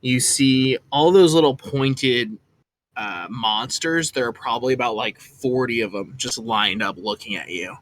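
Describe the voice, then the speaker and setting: Guy dm-ing a tabletop game, crisp bright voice, laid back, bit of hiss in the background. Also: medium pitch, unhurried. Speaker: dungeon master.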